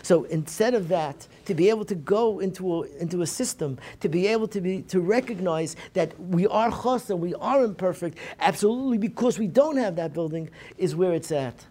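A man's voice: sits high, animated, fairly quick, few pauses, mellow. A man giving an earnest Tisha B'Av Torah lecture at a synagogue program. He often repeats and restarts phrases and mixes in Hebrew terms.

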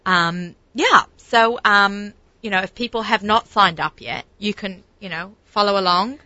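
A woman's voice: medium pitch, unhurried, pushed and bright, dry recording, lo-fi sound. A middle-aged woman hosting a radio talk show, chatting with enthusiasm and many fillers and restarts. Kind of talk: casual chat.

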